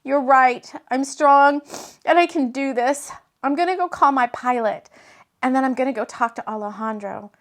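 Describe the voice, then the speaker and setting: A woman's voice: sits high, animated, normal speed, few pauses, voice pushed up. A woman voicing a young female pop star, talking in a frantic, tearful way.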